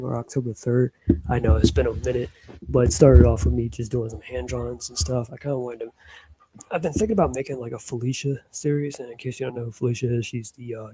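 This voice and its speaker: Low, flat-voiced guy rambling casually. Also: husky, poor audio. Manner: loose, filler-heavy, chuckling asides. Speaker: hobby animator.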